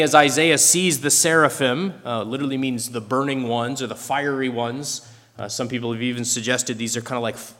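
A man preaching a sermon, expressive, dramatizing the scripture he quotes. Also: mid-range voice. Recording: long hall reverb.

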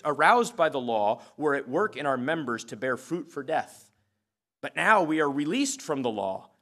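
A man's voice: fairly high pitch, a bit bright. A man preaching a sermon as pastor, earnest, reading scripture aloud with occasional fillers.

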